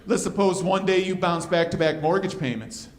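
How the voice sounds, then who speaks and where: A man in his fifties, with a high voice and a normal pace, does a crude, self-deprecating stand-up set on a club stage. The live recording sounds roomy, with the crowd laughing.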